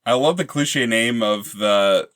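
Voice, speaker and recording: A man co-hosting a movie podcast, adding background details in a relaxed, wry way. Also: medium pitch, takes it slowly. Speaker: podcast co-host. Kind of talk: casual movie review chat.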